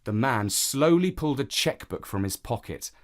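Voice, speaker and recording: A man narrating a children's story in a measured, expressive reading. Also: medium pitch.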